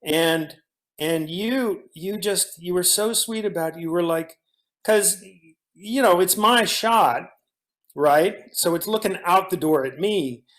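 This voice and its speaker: Guy with a pretty high voice rambling thru old set stories, lots of restarts. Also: takes it slowly. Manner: animated storyteller, frequent restarts. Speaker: actor guest. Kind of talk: casual storytelling in a conversation.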